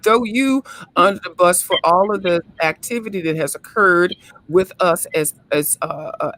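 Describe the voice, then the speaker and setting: A woman's voice: fairly low pitch, fairly bright tone. A woman from the Washington DC area calling in to a live stream, blunt, profane and scolding. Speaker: caller. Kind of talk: casual call-in chat.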